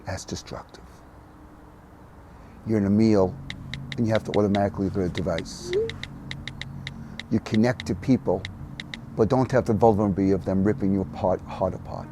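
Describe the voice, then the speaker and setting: An older man speaking as a podcast guest, telling stories animatedly, dropping to soft murmurs and rising to loud emphatic bursts. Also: lowish voice, steady tone, brisk, long pauses, noisy background. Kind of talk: conversational storytelling.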